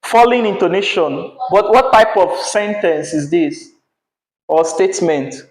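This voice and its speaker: A man's voice: high voice, lively intonation, measured pace. A male teacher, teaching a class patiently and checking in often with "yeah?" and "right?". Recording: echoey classroom.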